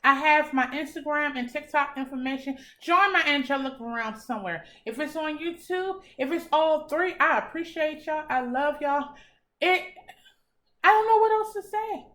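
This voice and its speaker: A woman's voice: high voice, normal speed, fairly bright tone. A young woman giving a tarot reading in a casual, blunt and encouraging way, swearing freely. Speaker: tarot reader.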